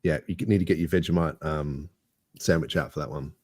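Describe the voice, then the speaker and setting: A man's voice: very deep voice, fairly even intonation, fairly quick, a little mellow, no room sound. An Australian man co-hosting a podcast in casual banter, rambling and joking at his own expense. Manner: jokey, rambling, self-mocking. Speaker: podcast co-host.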